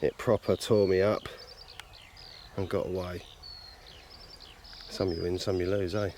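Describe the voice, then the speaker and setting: Chatty angler by a lake. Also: male voice, low-pitched, little pitch movement, a little slow, darkish tone, slight background noise. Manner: chatty, jokey, self-mocking. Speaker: carp angler vlogger. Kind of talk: casual outdoor vlog chat. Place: outdoors by a lake. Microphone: handheld camcorder.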